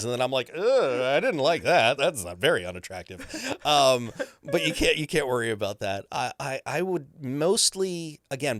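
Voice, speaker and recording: A man's voice: mid-range voice, a bit bright, no echo. A man who is a voice actor, telling stories animatedly in a podcast interview and slipping into character voices. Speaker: voice actor guest.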